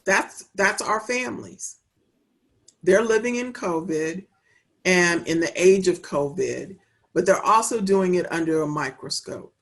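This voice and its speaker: A woman who manages child welfare work, guest in a conversational interview, speaking in a measured, earnest way and repeating phrases for emphasis. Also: lowish voice, a bit bright.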